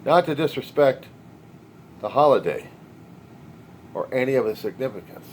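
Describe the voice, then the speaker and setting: A man's voice: medium pitch, lively intonation, normal speed, a little hiss or hum. A man talking alone in a video diary, rambling in a sardonic, wisecracking way. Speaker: video diarist. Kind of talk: rambling personal monologue.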